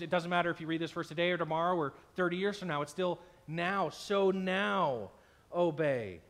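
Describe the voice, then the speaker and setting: Emphatic, slightly high-voiced male preacher. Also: fairly bright tone. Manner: emphatic, acts out imagined complaints. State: unwell, tired with stomach ache. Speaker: pastor. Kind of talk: sermon.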